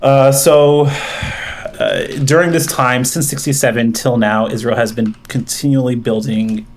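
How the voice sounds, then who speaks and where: A man's voice: mid-range voice, fairly even intonation, a little slow. A man on a call with a streamer, laying out a long argument point by point, with many fillers and restarts. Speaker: caller debating the host. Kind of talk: online debate call.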